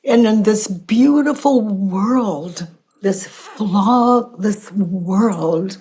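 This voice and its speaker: Slow, dark-voiced older woman, half-whispering. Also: mid-range voice, breathy edge. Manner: soft-spoken, drifting into whispers, long pauses. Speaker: podcast host. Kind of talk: slow reflective spiritual talk.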